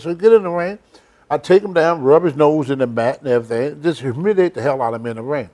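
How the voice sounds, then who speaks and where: A man's voice: fairly high pitch, fast talker, warm tone. An older man hosting a casual interview, telling blunt, rambling stories in a folksy way. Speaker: host. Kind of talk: casual storytelling chat.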